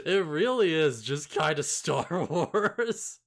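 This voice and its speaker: A man's voice: on the high side, lively intonation, slow. A man co-hosting a casual podcast chat, rambling with lots of filler words and laughing often. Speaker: podcast co-host.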